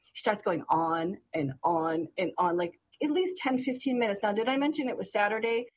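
A woman's voice: medium pitch, normal speed, muffled recording, a little hiss or hum. A middle-aged woman with a distinctive voice, telling a story in casual chat and laughing along. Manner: animated, laughs through her story. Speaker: co-host.

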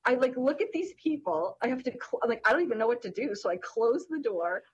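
A woman's voice: a little high, fairly quick, dull audio, a little hiss or hum. A middle-aged woman with a distinctive voice, telling a story in casual chat and laughing along. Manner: animated, laughs through her story. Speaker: co-host.

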